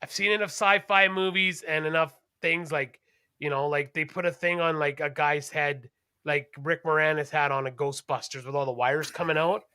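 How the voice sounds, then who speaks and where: A man co-hosting a podcast in casual chat, rambling, animated and profane. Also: on the high side, moderate pace, smooth, no room sound, studio quality. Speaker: podcast co-host.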